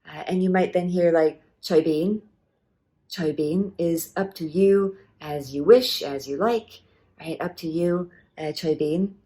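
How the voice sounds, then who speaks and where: Woman, lower register, casual patient teacher who models phrases and says "uh" a lot. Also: unhurried, warm tone. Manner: explains patiently, modelling phrases with many fillers. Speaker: language teacher. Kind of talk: casual language lesson.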